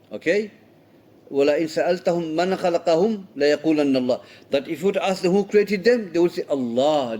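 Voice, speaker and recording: A man's voice: on the high side, darkish tone. A man teaching a religious lesson in English, explaining rulings step by step, slipping in Arabic terms and quoted recitations and checking in with "okay?". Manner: repeats himself and checks understanding with "okay?". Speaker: Islamic studies teacher. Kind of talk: classroom lesson explaining hadith.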